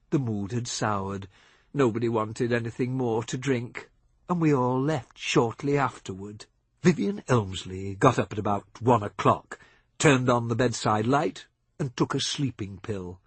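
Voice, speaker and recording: A man with a mid-range, slightly rough voice reads a novel aloud as an audiobook narrator. His delivery is measured and expressive, recorded close on a studio mic with no echo.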